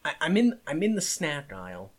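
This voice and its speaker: Podcast co-host, male, slightly high voice, exasperated storyteller. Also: fairly quick. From Italian-American. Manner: animated storyteller, exasperated ranting. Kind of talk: casual chat.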